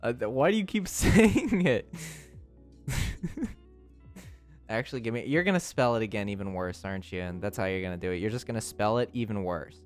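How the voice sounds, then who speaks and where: Giggly young man streamer, lively pitch. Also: moderate pace, pauses often, soft background music. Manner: giggly, teasing, breaks into high squealing laughs. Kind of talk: casual chat reading live chat.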